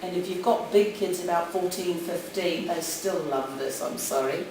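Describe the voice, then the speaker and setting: Female presenter with a New Zealand accent, animated and jokey, recorded in a reverberant conference hall with faint room noise. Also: lowish voice, moderate pace, gravelly, far from the mic. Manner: chatty, jokey, animated with audience asides. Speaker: conference speaker for English teachers. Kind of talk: lively conference talk. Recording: echoey hall, speaker off-mic at times.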